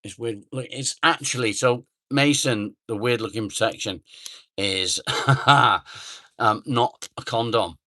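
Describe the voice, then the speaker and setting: Sitting in a chair outdoors near the house, a man hosts a casual live stream on his phone, chatting with viewers and humming and muttering to himself as he reads the chat. His medium-pitched voice is slow, pushed and bright, with clean studio sound and no room sound.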